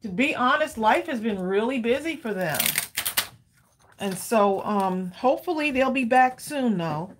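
A chatty woman, talking casually to viewers on a live stream. Her voice sits a bit high, and she rambles, pausing often on fillers before picking the thread back up. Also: expressive, slight background noise. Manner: chatty, rambling, frequent ums and laughs. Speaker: livestream crafting host.

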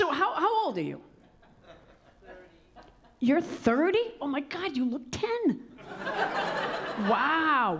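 A middle-aged woman doing stand-up, chatting with the crowd in a wry, halting way that keeps interrupting itself. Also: high-pitched. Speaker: stand-up comedian hosting. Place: comedy club stage. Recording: live club with audience. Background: crowd laughter.

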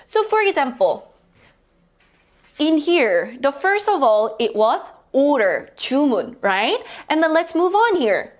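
A young woman with a Korean accent, teaching a cheerful online language lesson and repeating words slowly for practice. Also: sits high, sing-song.

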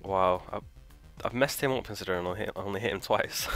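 A man hosting a let's play, thinking aloud, trailing off, swearing and shouting in frustration as he plays. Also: deep voice, fast, soft background music. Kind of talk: live gameplay commentary.

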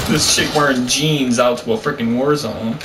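A man's voice: medium pitch, fairly even intonation, slow pace, far from the mic. A man gaming with his sister, teasing her and trash-talking while he plays. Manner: teasing trash talk, laughing. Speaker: gamer playing with his sister. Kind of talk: casual gaming chat. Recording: echoey room, voice off-mic, noisy.

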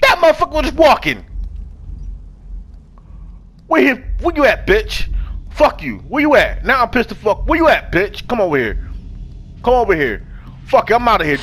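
Excitable male gamer, high and very animated, talks trash to the characters as he plays. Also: normal speed, pauses often, slight background noise. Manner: excitable, swings from hushed muttering to yelling; talks to game characters with slang and swearing. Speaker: gaming video creator. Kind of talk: live let's play commentary.

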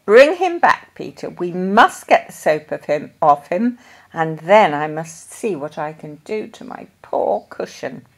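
A woman's voice: low-pitched, sing-song, a little slow, full character voice. A woman voicing a flustered, fussy housewife mother in a children's storybook reading, with exasperated exclamations.

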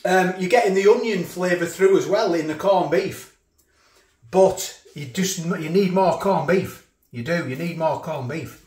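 A man's voice: high-pitched, unhurried, darkish tone. Chatty man, roomy echo. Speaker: food reviewer. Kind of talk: casual food review vlog.

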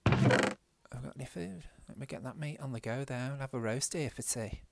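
A man's voice: medium pitch, brisk, vocal fry, heavy background noise. A man with a Northern English accent, chatting casually and swearing freely as he tells a story while playing a game. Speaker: gaming vlogger.

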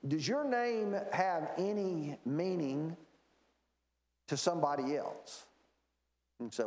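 A man's voice: on the high side, slow, long pauses, darkish tone. A man teaching a Bible class in a church, explaining verses and asking the class rhetorical questions. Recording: echoey church room.

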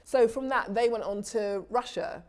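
Animated woman telling stories in an interview. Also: on the high side, moderate pace. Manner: animated, restarts sentences, laughs easily. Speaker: TV director, interview guest. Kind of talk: casual interview storytelling.

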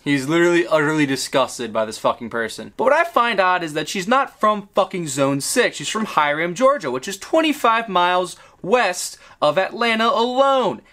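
A man's voice: high voice, very animated, moderate pace, hardly any pauses, a bit bright. A man hosting a commentary video, mocking and profane, sounding exasperated. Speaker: commentary host. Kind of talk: sarcastic commentary.

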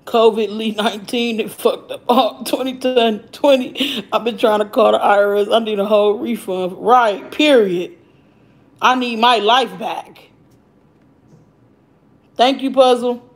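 Casting note: woman livestream host, brash, profane, higher-pitched voice, talking to chat. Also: a little slow, low-quality recording. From Arizona. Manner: loud, profane, animated, reading and answering chat comments. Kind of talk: casual live-stream chat. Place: home.

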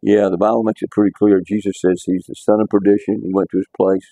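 A man's voice: fairly low pitch, little pitch movement, fast talker, dark tone, dry recording. A man teaching a casual Bible class, talking conversationally and repeating words as he restarts his sentences.

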